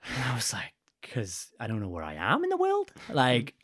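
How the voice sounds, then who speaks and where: A young man, a podcast guest, telling a travel story in a casual, animated way. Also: medium pitch, moderate pace, slightly rough, no room sound, studio quality. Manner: animated, acts out quoted voices.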